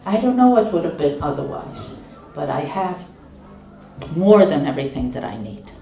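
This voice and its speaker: A woman's voice: low voice, big pitch swings, moderate pace, mellow. An older woman quoting a cheerful, grateful woman who is content with little, in an upbeat, emphatic way. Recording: roomy, distant mic.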